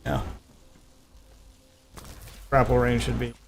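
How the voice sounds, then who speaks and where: A man streaming a video game who talks casually and gives opinionated critiques, broken up by excited outbursts. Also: medium pitch, takes it slowly, vocal fry, a crowd in the background. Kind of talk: casual gameplay chat.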